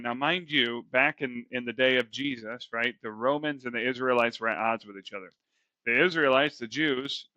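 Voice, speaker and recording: A man's voice: medium pitch, pushed and bright, no echo, rough recording. A man co-hosting a podcast, casually retelling Bible stories in a slangy, chatty way with lots of fillers. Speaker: podcast co-host.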